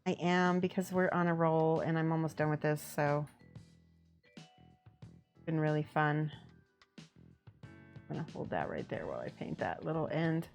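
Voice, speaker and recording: A woman's voice: low voice, lively intonation, measured pace, vocal fry, pauses often, highs cut off, soft background music. A woman painting miniatures on a stream, chatting casually, reading chat aloud and laughing often. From American Midwest. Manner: chatty, laughs often, plays with word pronunciations.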